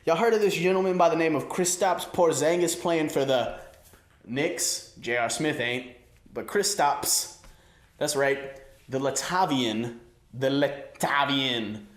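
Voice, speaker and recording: A man's voice: on the high side, measured pace. Joking, slangy young man in an echoey room. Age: 20s. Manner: loose, joking, slangy riffing. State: a little winded. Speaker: host. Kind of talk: stand-up sports comedy. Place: room with an audience.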